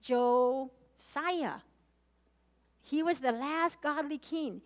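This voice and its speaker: A woman with a high voice speaks very slowly as she leads a conversational Bible study. She earnestly puts questions directly to her listeners, often repeating and restarting her phrases.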